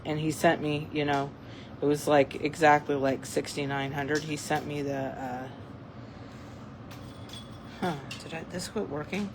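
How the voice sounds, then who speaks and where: An unhurried, middle-pitched voice chatting casually to camera and wandering through the story with plenty of "uh"s and restarts. The speaker is half-distracted, playing with cats using a laser pointer while talking. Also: steady tone, slight background noise, poor audio. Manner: rambling, with many fillers and restarts. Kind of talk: casual chat.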